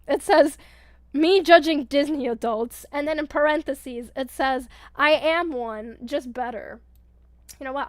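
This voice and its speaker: High, bubbly young woman streamer. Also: no echo. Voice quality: loud when excited, giggly, apologetic. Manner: reads chat aloud, laughs often, swears casually. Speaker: VTuber streamer. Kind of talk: casual live-stream chat. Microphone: headset mic with headphones.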